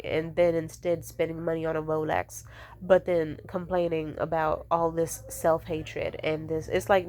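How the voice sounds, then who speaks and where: A woman's voice: fairly low pitch, darkish tone. A young woman ranting casually, blunt and profane, exasperated, mimicking the people she complains about.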